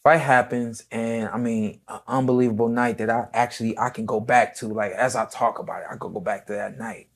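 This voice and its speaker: A retired boxer talking casually in an interview, reflective and unhurried, often quoting himself and others as he tells his story. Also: mid-range voice, steady tone, creaky.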